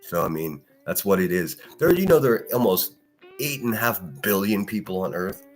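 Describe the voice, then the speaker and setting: A man with a very low voice, cursing and ranting as he hosts a solo podcast stream. He talks heatedly and answers viewers' chat comments between tirades. Soft guitar music plays quietly underneath. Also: animated, normal speed. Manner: profane, heated, combative. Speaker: live-stream podcast host.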